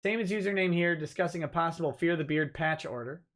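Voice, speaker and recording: Male lawyer host, high-pitched, casual livestream chat, dry short answers. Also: fast, fairly bright tone. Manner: dry, offhand replies to chat. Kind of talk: casual livestream chat reading viewer comments.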